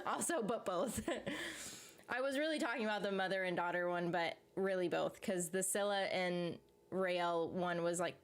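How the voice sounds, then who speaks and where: A woman talks loosely on a live stream, reading out viewer comments and reacting in a rambling, conversational way. She laughs often and drifts between thoughts. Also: lowish voice. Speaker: YouTube streamer reading chat. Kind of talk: casual live-stream chat about a TV series.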